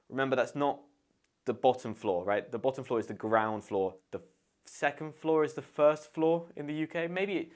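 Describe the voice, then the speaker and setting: British male English teacher; casual, playful, mid-pitched delivery. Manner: chatty, explains words with playful examples.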